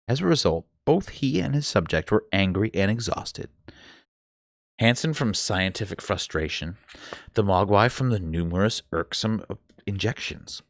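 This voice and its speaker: A man reads a novel aloud live, telling the story expressively and stumbling now and then. His voice is low and gravelly with a lively, swinging pitch. The sound is close and dry. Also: unhurried, no echo. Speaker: book reader.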